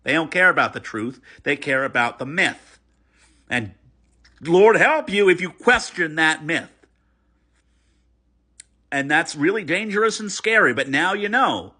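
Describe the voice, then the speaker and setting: A man talks through a response commentary in a high, bright voice. His pitch swings widely, and he is emphatic and earnest, doubling back on his words as he pushes his point. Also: a little slow, pauses often. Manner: animated and emphatic, with restarts; earnest, critical. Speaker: video commentator.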